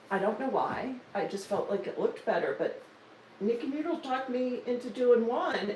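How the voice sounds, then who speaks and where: Woman in her 60s, chatty live-stream host, jokey asides, animated pitch, roomy sound. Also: distant mic, slight background noise. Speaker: stitching vlogger. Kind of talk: casual live-stream chat.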